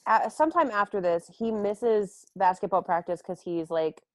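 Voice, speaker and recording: A woman's voice: medium pitch, normal speed, no room sound. A woman in casual podcast chat, playful and wry, recorded on a dry close microphone. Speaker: podcast co-host. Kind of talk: casual chat about a movie.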